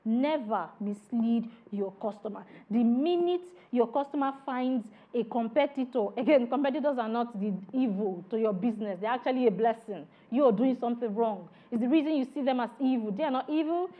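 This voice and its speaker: Woman trainer lecturing a class on customer service, high voice, keeps saying all right, dull lo-fi sound. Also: a little fast, hardly any pauses. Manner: animated, repeats "all right" often, acts out customer exchanges.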